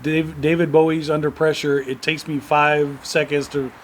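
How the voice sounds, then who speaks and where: A man's voice: a little high, flat delivery, moderate pace, a little hiss or hum. Profane joking middle-aged man. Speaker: podcast co-host. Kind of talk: casual chat.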